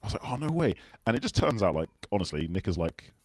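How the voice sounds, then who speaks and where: A man's voice: low-pitched, lively intonation, racing, darkish tone, no room sound. A British man hosting a casual livestream chat, rambling and self-deprecating as he talks. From Britain. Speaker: livestream host.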